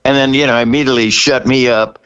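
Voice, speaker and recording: A man in his sixties, a rock singer guest, telling stories in an interview with animated energy, laughing and acting out what people said. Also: mid-range voice, fast talker, clean tone, muffled recording. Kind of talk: storytelling interview.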